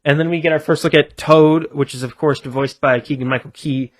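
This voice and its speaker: A young man co-hosting a podcast, chatting casually in quick back-and-forth. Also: a little high, steady tone. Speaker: podcast co-host. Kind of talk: casual chat.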